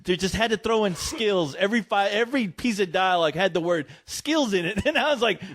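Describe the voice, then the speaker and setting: High-voiced man ranting about a film. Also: animated, brisk, fairly bright tone. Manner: exasperated, ranting, laughs often. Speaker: co-host, film reviewer. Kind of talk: casual profane banter.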